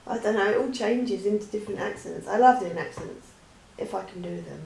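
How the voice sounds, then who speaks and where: A woman's voice: mid-range voice, fairly quick, creaky, a little mellow, reverberant, poor audio. A woman answering questions in a chatty, rambling way, with many restarts. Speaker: vlogger. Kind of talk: casual Q&A chat.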